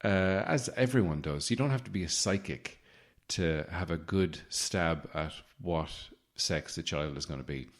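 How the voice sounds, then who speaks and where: Low-voiced male podcast host, sardonic, rambling comic monologue. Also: normal speed, few pauses.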